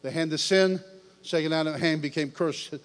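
A man preaching a lively sermon, telling his testimony with shouts, jokes and laughter. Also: a little high, normal speed, big-room sound.

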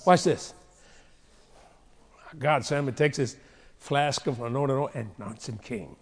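A male preacher delivering a sermon with humorous, animated storytelling, recorded in a large hall with a long reverb. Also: medium pitch, unhurried.

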